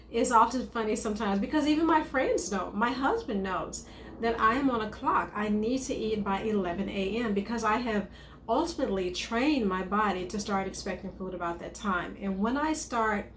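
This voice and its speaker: A woman's voice: fairly high pitch, moderate pace. A woman who is a chef and wellness coach, giving casual advice on eating, often repeating and rephrasing her points. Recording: echoey room with faint noise.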